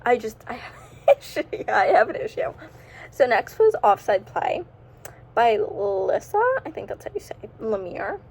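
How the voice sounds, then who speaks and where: A teenage girl with a fairly high, very lively voice rambles through a casual reading recap at home. She giggles often and drops her sentences halfway. A faint hiss runs under the camera mic. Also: moderate pace, creaky, rough recording. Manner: chatty and scattered, giggly, breaks off mid-sentence. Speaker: book vlogger.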